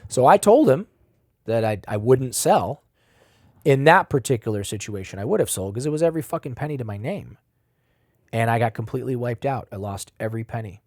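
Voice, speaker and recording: A man as a podcast guest, telling a personal story with blunt, profane language and big swings in loudness. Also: mid-range voice, brisk, dry recording, studio quality. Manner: animated, swings between loud and quiet.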